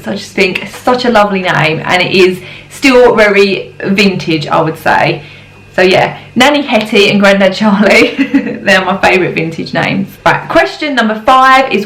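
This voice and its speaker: A woman's voice: medium pitch, a bit bright. A young woman, a mother, chatting casually to camera with frequent ums and little giggles. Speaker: parenting vlogger. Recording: roomy echo.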